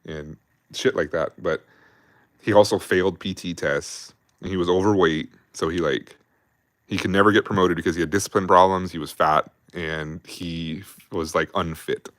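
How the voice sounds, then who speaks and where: A man's voice: low voice, steady tone, moderate pace, a bit bright, no room sound, clean studio sound. A man, an army veteran hosting a livestream, telling war stories casually with lots of swearing and fillers while drinking beer. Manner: rambling, profane, heavy on fillers. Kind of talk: casual storytelling.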